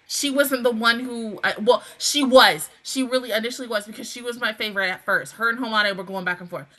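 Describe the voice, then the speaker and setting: Bright-toned woman rambling about an anime ep, lots of self-corrections, casual swearing. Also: a little high, a little fast. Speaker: anime reaction host.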